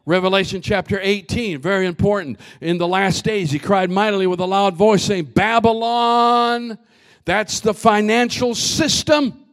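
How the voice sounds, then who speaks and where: A man preaching a sermon as pastor, swinging from shouted lines to hushed asides, often repeating and restarting his words. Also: high voice, measured pace.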